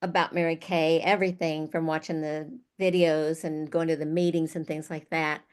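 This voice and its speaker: An older woman guest, retired, telling lively stories from her career and laughing often. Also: low voice, normal speed, clear, resonant tone. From Arizona, USA. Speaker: guest speaker. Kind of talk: storytelling.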